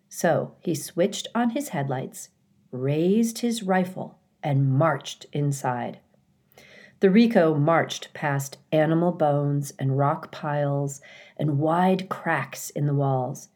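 Slow, low-voiced woman reading aloud. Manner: calm, clear storytelling with occasional dramatic emphasis. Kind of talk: reading a children's novel aloud.

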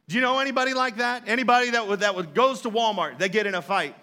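Brief: male pastor, high bright voice, chatty storytelling sermon with playful asides. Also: fast.

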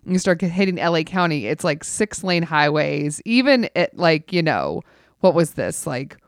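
A woman telling a story in casual chat, animated and wry, with many fillers. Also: deep voice, normal speed, no echo, clean studio sound. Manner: wry, laughs through the telling.

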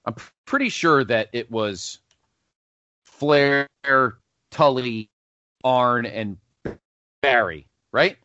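A man's voice: medium pitch, slow pace, long pauses, dry recording, highs cut off. A man hosting a casual podcast countdown, rambling and correcting himself as he goes. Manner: rambling, self-correcting, animated. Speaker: podcast host.

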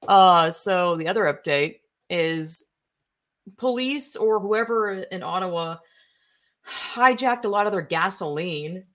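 A young woman who streams political commentary speaks slowly in a fairly low, expressive voice with a fairly bright tone. Browsing online posts, she rambles casually, indignant and profane, leaning on lots of fillers.

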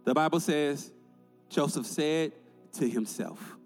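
A man's voice: a little high, slow pace, gravelly, long reverb tail, faint music behind. A male pastor preaching a sermon in an emphatic, conversational way, building points through repetition.

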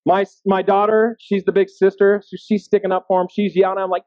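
High-voiced conversational pastor, phone-thin sound. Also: male voice, level tone, brisk, no room sound. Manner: self-deprecating, conversational, asks the room "right?". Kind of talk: sermon. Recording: dry, phone-like narrow sound.

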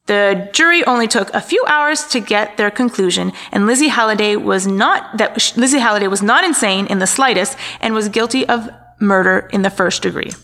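Bright-voiced woman telling a crime story. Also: medium pitch, fairly quick, hardly any pauses. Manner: chatty, wry asides, stumbles over names. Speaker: podcast co-host. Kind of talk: casual true-crime storytelling.

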